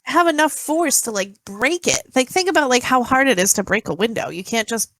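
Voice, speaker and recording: A woman with a high, very lively voice chats on a casual podcast, expressive, laughing and full of "like". Her voice sits close and dry on the mic. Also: a little fast, no echo. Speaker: podcast co-host. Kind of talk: casual chat.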